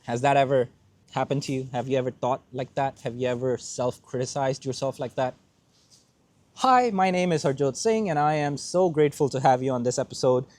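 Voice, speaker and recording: A man's voice: mid-range voice, a little fast, darkish tone, dry recording. Earnest young man, dry close voice. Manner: earnest, repeats himself for emphasis, close to tears at times. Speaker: host of a motivational podcast. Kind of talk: heartfelt motivational monologue.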